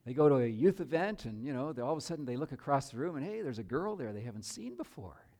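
Animated storytelling male preacher. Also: medium pitch, quick pace. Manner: animated storyteller with joking asides. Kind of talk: sermon.

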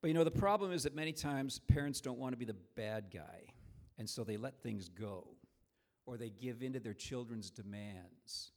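Guy preaching a sermon, chatty storytelling, keeps restarting bits, middle pitch. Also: normal speed. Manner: conversational, storytelling, frequent restarts.

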